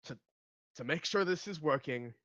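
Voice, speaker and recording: A man's voice: on the high side, animated, moderate pace, a bit bright, pitched above the performer's own voice. A man voicing an older male dwarf spellcaster with a braided white beard, speaking in a plain, sheepish way, recorded on dull lo-fi audio.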